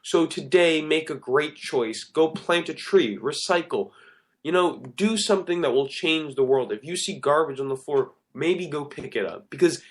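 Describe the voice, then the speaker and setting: A man's voice: a little high, lively intonation, moderate pace. A man hosting a talk show, giving an earnest, rambling monologue that often corrects itself mid-sentence. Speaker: radio show host.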